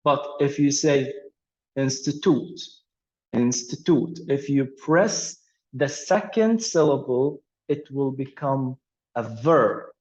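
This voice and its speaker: A man's voice: mid-range voice, slow, a little mellow. A man teaching an English pronunciation and vocabulary lesson, patient, with many fillers and repeated words. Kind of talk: explaining a language lesson. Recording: dull lo-fi audio.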